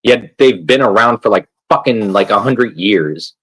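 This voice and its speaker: A man streaming live rambles in a loose, profane rant, leaning on "like" between every thought. His voice sits low and sounds husky and breathy. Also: expressive, unhurried, a bit bright, rough recording. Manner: rambling, swears constantly, fills with "like". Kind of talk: casual profane rant while gaming.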